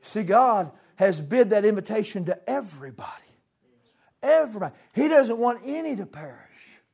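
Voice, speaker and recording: High-voiced preacher. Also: male voice, very animated, normal speed, creaky, husky. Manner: folksy, dramatic swings from loud to hushed. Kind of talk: sermon. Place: church.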